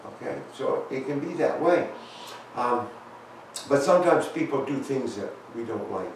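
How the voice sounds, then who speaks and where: A man giving a children's talk in church, folksy and halting, reading a storybook. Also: mid-range voice, animated, slight background noise. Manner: folksy, halting, many fillers. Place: church sanctuary. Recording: echoey church from far off.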